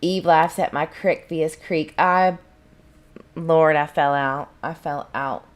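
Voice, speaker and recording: Lady rambling to her livestream chat, kinda low voice. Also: slow pace, clear, resonant tone. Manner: rambling, chatty, talks back to viewers' comments. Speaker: channel host. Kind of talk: casual livestream chat with viewers.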